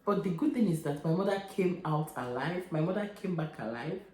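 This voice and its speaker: Nigerian woman in her 30s, emotional vlogger, low mellow voice, halting and repetitive, roomy echo. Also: expressive, a little hiss or hum. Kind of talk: emotional personal vlog.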